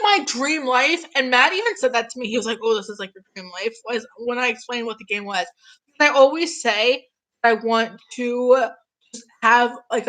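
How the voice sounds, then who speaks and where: A young woman in her twenties chats eagerly on a live stream, her voice sitting a little high. She is getting over an illness and talks in a gushing, rambling way, answering viewer comments. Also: fairly bright tone. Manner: gushing, chatty, reads out chat comments. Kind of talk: casual live-stream chat.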